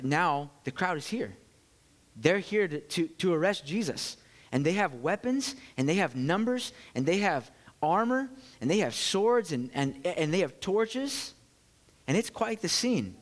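Man, pastor, sermon, animated, loud bursts and hushed lows, somewhat high voice. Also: a little slow.

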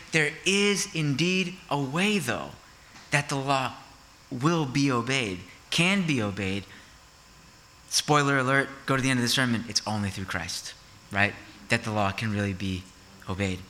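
A man's voice: on the high side, pushed and bright. A man preaching a sermon as pastor, in a conversational style that keeps asking the congregation rhetorical questions.

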